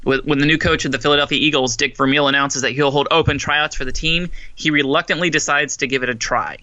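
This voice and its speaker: A young man co-hosting a podcast, relaxed, reading a plot summary aloud with small asides. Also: a little high, fast talker, no room sound, muffled recording. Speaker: podcast co-host. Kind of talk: casual movie chat.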